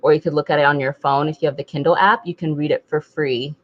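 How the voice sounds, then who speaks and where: Low-voiced woman chatting about books. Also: fast talker, highs cut off. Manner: animated, mimics voices with laughter. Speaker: podcast co-host. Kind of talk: casual book club discussion.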